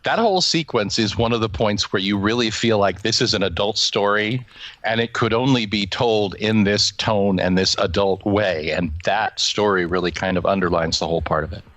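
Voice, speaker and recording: A man's voice: on the low side, normal speed, fairly bright tone, dry recording. A man in his forties hosting a casual comic book discussion, chatty and jokey with rambling restarts. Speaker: podcast host.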